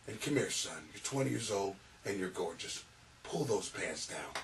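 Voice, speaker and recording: A man voicing a sleazy older man who quietly lures a young guy, in a low, hushed, creepy tone. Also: animated, moderate pace, vocal fry, recorded from a distance.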